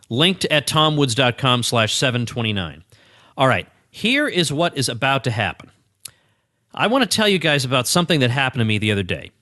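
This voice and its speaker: A man hosting a podcast from his small home office, telling a story in a playful, animated way. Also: medium pitch, no room sound, clean studio sound. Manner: lively, playful, animated retelling with laughs. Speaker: podcast host. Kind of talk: casual storytelling monologue. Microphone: studio microphone.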